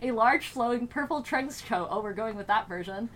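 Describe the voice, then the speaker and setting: A woman's voice: a little high, moderate pace, a bit bright, a little hiss or hum. A woman co-hosting a comedy show, reading a fanfic aloud and breaking off to laugh and joke about it. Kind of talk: comedic dramatic reading with commentary.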